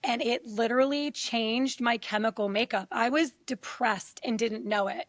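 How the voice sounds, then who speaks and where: A woman's voice: a little high, moderate pace, no room sound. A middle-aged woman, a podcast guest, telling her story candidly and acting out quoted voices as she goes. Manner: animated, acts out quoted voices.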